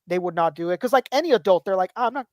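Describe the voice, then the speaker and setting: A man's voice: high-pitched, lively intonation, very fast, a little mellow, no room sound, studio quality. A man in his thirties co-hosting a podcast, telling rambling stories, swearing freely and acting out quotes. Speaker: podcast co-host. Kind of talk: casual chat.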